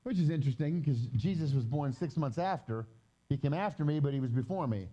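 A man giving a conversational Bible teaching with slides, reading scripture slowly and explaining it in loose, chatty asides. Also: on the high side, expressive, warm tone, lo-fi sound. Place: gathering hall during a live-streamed event.

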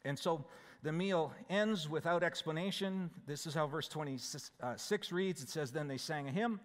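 A man's voice: a little high, moderate pace. A man preaching a sermon as pastor, explaining scripture verse by verse in a conversational way. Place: church sanctuary. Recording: church hall with long reverb.

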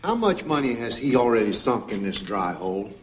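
A man's voice: medium pitch, big pitch swings, a little fast, muffled recording, a little hiss or hum, close to an everyday voice. An actor playing an older, blunt and doting Texas oilman father, folksy and scornful. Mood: gruff, scornful. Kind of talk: TV film drama acting.

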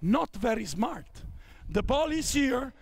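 A man's voice: very high voice, very animated, takes it slowly, gravelly, a little hiss or hum. A man in his fifties from Italy with an Italian accent, coaching players through drills on a court with short barked commands. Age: 50s. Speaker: basketball coach. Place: indoor basketball court.

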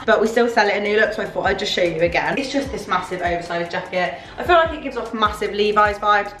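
A young British woman around twenty rattles along at a fast clip, gushing and excitable as she chats through a casual try-on haul. Her voice is picked up by a camera mic in a roomy, echoey room at home. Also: medium pitch. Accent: British English. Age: about 20. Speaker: fashion vlogger.

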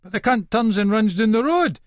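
In first-person audiobook narration, a volatile, paranoid and foul-mouthed Edinburgh hardman speaks with a thick Scots accent, animated and aggressive, swearing constantly at a moderate pace. His voice runs slightly high for a man. The close, dry recording has no room sound or echo.

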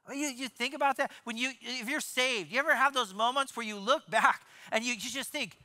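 A man giving a sermon as pastor, animated, often repeating and restarting words and acting out quoted voices. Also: very high-pitched, fast, few pauses. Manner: acts out quoted voices in his preaching.

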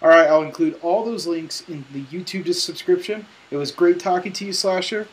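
A man's voice: high-pitched, moderate pace, a little hiss or hum, low-quality recording. Chatty male interview host. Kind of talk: casual interview chat.

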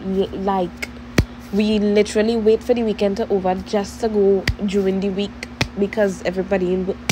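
A woman's voice: mid-range voice, flat delivery, normal speed, background noise. A young woman from Trinidad with a Trinidadian accent, chatting casually and rambling to her viewers as a vlogger. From Trinidad and Tobago. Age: young adult.

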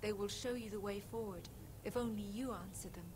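A woman's voice: mid-range voice, a little fast, close to an everyday voice. A woman voicing a solemn, ageless female fae guide in a video game, speaking in formal, archaic phrasing. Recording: game audio with clear background noise.

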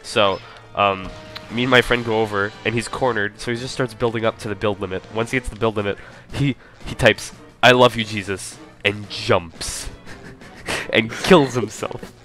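Guy rambling over his speedrun, low-ish bright voice, lots of likes and ums, quiet game music behind. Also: fairly even intonation, normal speed. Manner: rambling, full of "like" and "um". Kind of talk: casual gaming commentary.

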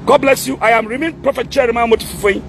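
A man's voice: very high-pitched, fast talker, gravelly. A middle-aged man, a prophet delivering an angry, scolding public message that keeps demanding the listener's attention.

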